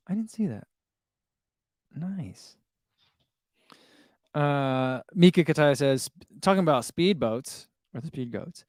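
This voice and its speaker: A man's voice: fairly high pitch, darkish tone, no echo, clean studio sound. A middle-aged man hosting a running livestream, chatting casually and reading viewer comments aloud with easy laughs. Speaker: running channel host reading live chat.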